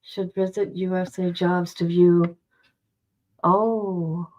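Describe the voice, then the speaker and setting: A woman's voice: fairly low pitch, level tone, slow, a little mellow. Blunt, chatty woman streamer, slightly muffled. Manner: chatty, blunt, talks straight to her audience. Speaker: streamer reacting to news. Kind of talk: casual live commentary to viewers.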